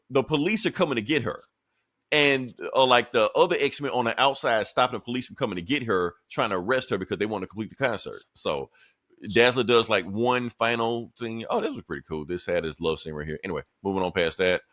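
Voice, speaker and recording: A man's voice: on the low side, fairly bright tone, no room sound, studio quality. A man co-hosting a podcast, recapping comic books in a laid-back, profane, joking way. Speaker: podcast co-host. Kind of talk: casual comic book chat.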